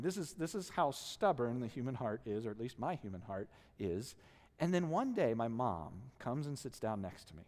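Male pastor, sermon delivery, animated storyteller, long reverb. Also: on the high side. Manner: animated storytelling, acting out quotes, self-deprecating.

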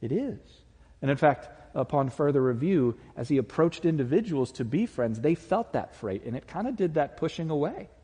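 Pastor, male, mellow and slightly husky, conversational sermon with humor, church hall reverb. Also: a little high, very animated, moderate pace. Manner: earnest, conversational preaching with humor. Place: church sanctuary.

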